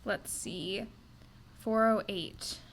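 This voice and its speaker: A woman's voice: medium pitch, very slow, gravelly, a little hiss or hum. A young woman co-hosting a podcast in a casual book-discussion chat, talking through her notes and reading passages aloud. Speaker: podcast co-host.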